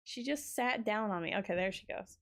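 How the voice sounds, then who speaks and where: A woman's voice: mid-range voice, brisk. A young woman streaming a game, chatting casually, tired, talking to her chat and her cat.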